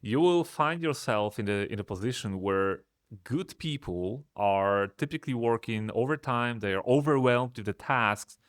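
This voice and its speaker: A man from Poland, a software company founder, talking through business lessons in a thoughtful, hesitant way, often restarting his sentences. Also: mid-range voice, expressive, normal speed, smooth, no room sound, studio quality. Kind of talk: casual business chat.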